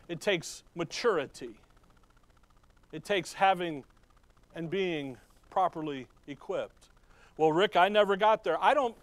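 A man preaching a sermon as pastor in a conversational way, with sudden loud emphasis and quick asides to the congregation. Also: fairly high pitch, no room sound.

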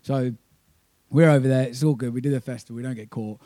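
A man's voice: medium pitch, quick pace, mellow, no echo. A man telling a rambling, swearing tour story with laughs in casual chat. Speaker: touring band member.

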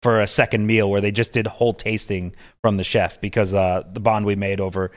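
Podcast guest, male, from upstate New York, rambling and filler-heavy, relaxed chat. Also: on the low side, a little fast. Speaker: podcast guest, poker player.

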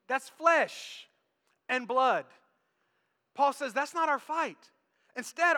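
A man preaching a sermon, telling a story and acting out the people in it with lively energy. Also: very high voice. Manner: storytelling, animated, acts out quotes. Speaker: pastor. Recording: long hall reverb.

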